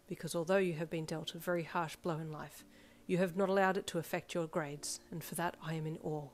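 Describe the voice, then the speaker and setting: A woman's voice: low voice, steady tone, brisk, lightly acted. A woman voicing an earnest, formal teenage schoolboy who speaks in solemn, old-fashioned phrases. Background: soft backing music.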